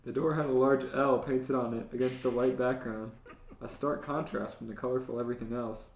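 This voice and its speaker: A man's voice: mid-range voice, steady tone, a little fast, darkish tone, slight background noise. A man co-hosting a comedy podcast, reading fanfiction aloud. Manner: reads aloud, often laughing. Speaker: podcast co-host. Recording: roomy echo.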